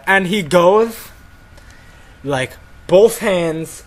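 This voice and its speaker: A man's voice: a little high, animated, unhurried, poor audio. A man casually telling a story to friends, rambling with lots of "like" and restarts.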